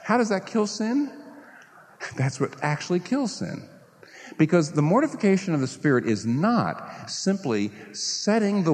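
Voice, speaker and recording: A man preaching a sermon, firing off rhetorical questions and acting out the voices people use in their heads. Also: on the high side. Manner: animated, rhetorical questions, acts out inner voices. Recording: long reverb of a large hall.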